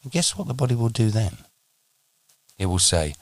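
A man teaching on a podcast, speaking in a measured, deliberate way and slowing down for emphasis. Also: on the low side, sing-song, no room sound. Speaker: meditation teacher.

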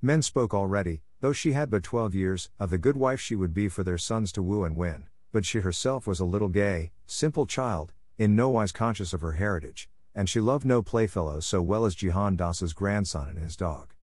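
A man reads a classic tale aloud in a steady, measured audiobook voice. His voice sits low. The recording is close and dry, with no room sound. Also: dry recording. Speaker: narrator. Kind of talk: scripted audiobook narration.

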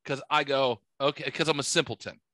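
A man hosting a podcast, telling stories in casual chat, animated and swearing, acting out the voices in his stories. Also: mid-range voice, brisk, no echo. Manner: animated, swearing, acts out quotes. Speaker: podcast host. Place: podcast studio.

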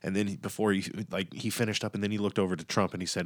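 A young man with a very low voice rants through casual podcast commentary, sarcastic and swearing freely. The sound is dry and close, with no room around it. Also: fairly even intonation, fast talker, hardly any pauses, dry recording. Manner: ranting, sarcastic, heavy swearing. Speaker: podcast host.

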